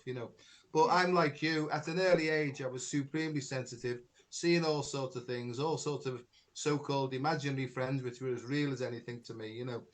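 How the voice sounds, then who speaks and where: Chatty man. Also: mid-range voice. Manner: rambling, chatty, many fillers like "you know" and "right". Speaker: podcast host, spiritual healer. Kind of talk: casual conversation, storytelling.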